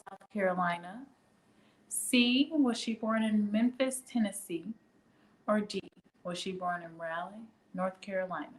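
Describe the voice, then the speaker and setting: A woman's voice: mid-range voice, low-quality recording. A woman with a Midwestern American accent hosting a casual live trivia stream, chatting and reading viewer comments aloud with frequent laughter. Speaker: livestream trivia host.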